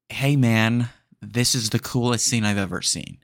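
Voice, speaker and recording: A man hosting a podcast in casual chat, excitable and rambling, peppered with "dude". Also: fairly low pitch, moderate pace, vocal fry, no room sound, clean studio sound. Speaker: podcast host.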